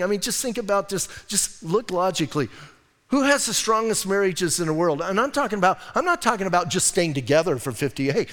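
A male pastor preaching a sermon, emphatic, often calling "listen" to the congregation and swinging between loud bursts and soft low asides. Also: big-room sound.

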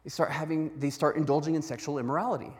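A man preaching a sermon as a pastor, telling Bible stories in an animated way and acting out their voices. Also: a little high, fast, in a large hall. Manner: animated storytelling with acted-out voices.

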